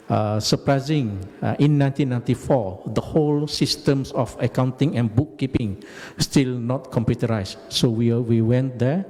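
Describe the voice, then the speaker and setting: A middle-aged man lectures with a deliberate, halting delivery full of hesitations. His voice is mellow and low-key. It rings out with a long reverb, as if in a large lecture hall. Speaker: guest lecturer, company managing director. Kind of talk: lecture recounting career.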